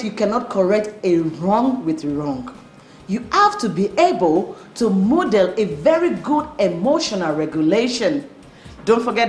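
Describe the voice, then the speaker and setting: A woman parenting coach giving earnest advice, repeating her key points. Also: a little high. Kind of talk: instructional talk to camera. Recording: roomy, faint music.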